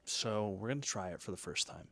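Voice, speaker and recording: A man's voice: lowish voice, lively intonation, fairly quick, creaky, bright, forceful tone, dry recording. A man hosting a casual talk, chatty and jokey, full of asides and tag questions. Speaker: host reviewing energy drinks and decks. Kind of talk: casual chat.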